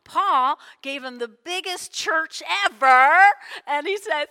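A woman pastor preaching a lively sermon to her congregation, playfully acting out the people she quotes. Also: high voice, unhurried. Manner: animated, playful, acts out quotes with big shifts. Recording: long hall reverb.

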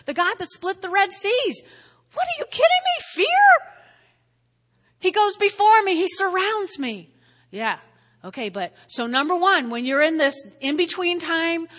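Woman pastor, high-pitched and bright, conversational sermon with frequent "all right?" check-ins, long reverb. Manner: repeats key phrases for emphasis. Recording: long reverb of a large hall.

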